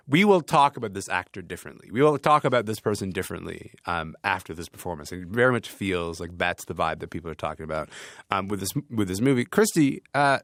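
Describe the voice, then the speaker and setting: A man's voice: on the low side, fairly bright tone, no room sound, clean studio sound. A man hosting a casual film panel chat, thoughtful and rambling, with frequent restarts as he asks questions. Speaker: radio show host. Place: studio, away from his usual city.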